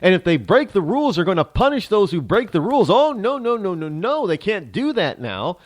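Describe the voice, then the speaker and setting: A man's voice: sits high, sing-song, fairly quick, no room sound. A male talk show host delivering a sarcastic, ranting opinion monologue, switching into mock voices.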